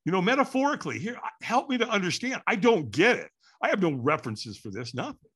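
A man telling a story as a podcast guest, animated and acting out quotes with sudden shouts. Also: high voice, fast talker, slightly rough.

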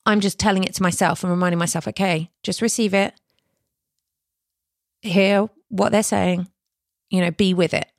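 Woman doing a solo podcast, earnest and chatty, dry close mic, middle pitch. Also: no echo. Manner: earnest, conversational, with rhetorical questions. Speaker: podcast host. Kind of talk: reflective solo podcast talk.

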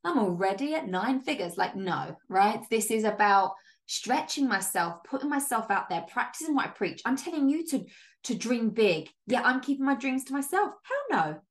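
A woman's voice: a little high, big pitch swings, normal speed. A woman hosting a solo business podcast, talking in an upbeat, emphatic way, with casual swearing and lots of "like". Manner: chatty with frequent "like" and laughs. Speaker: podcast host and business coach.

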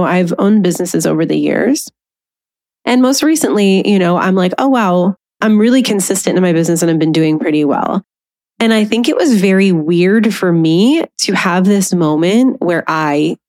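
A woman in her thirties hosts a solo podcast, her voice lowish and a little mellow. She talks candidly and conversationally, now and then acting out her inner voice with a laugh.

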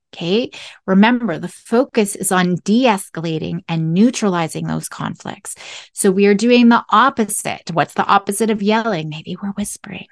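A woman's voice: medium pitch, no echo, clean studio sound. A woman hosting a parenting podcast, explaining in an earnest way and often checking in with "right?" and "okay?". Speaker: podcast host.

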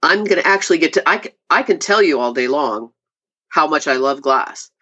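A woman, a glass artist, telling stories in a casual interview and acting out quotes in a much higher voice. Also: a little fast, husky. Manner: animated, acts out quoted voices with high pitch jumps. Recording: slightly dull lo-fi audio.

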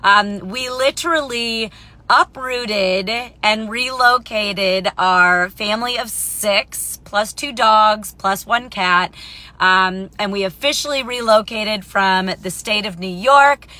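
A woman's voice: mid-range voice, slow, bright, forceful tone. A woman in her thirties hosting a live stream, chatty and upbeat, rambling with many fillers and restarts. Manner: upbeat, greets viewers by name. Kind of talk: casual live-stream talk.

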